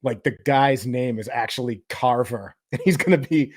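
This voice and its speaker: A man's voice: mid-range voice, moderate pace, no echo, clean studio sound. A man hosting a movie review podcast, talking casually in a rambling way, often restarting and hedging his points. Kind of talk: casual chat.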